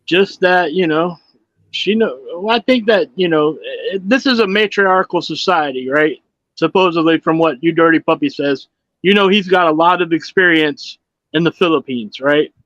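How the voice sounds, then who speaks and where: Middle-aged male panelist, high-ish, earnest, hesitant, dry lo-fi recording. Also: normal speed, a bit bright, dry recording. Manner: earnest, hesitant with fillers and restarts. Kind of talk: casual panel chat.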